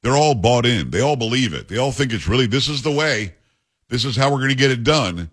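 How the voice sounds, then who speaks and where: A man's voice: mid-range voice, expressive, fairly bright tone, breathy edge. A man hosting a talk radio call-in show, blunt and opinionated, speaking into a studio microphone. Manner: blunt, opinionated, rapid asides.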